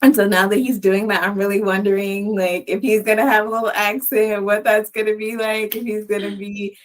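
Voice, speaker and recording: A woman with a Texan accent hosts a relaxed podcast conversation. She talks casually, with plenty of "like" and frequent laughter, sharing stories in an easygoing way. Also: medium pitch, brisk, low-quality recording. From Texas. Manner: chatty, laughs often, says "like". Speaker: podcast host.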